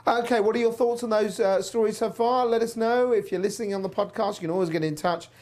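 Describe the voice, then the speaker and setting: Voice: medium pitch, fast talker, darkish tone. A presenter telling a personal story in a chatty, wry way while hosting a news show. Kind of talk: casual news commentary.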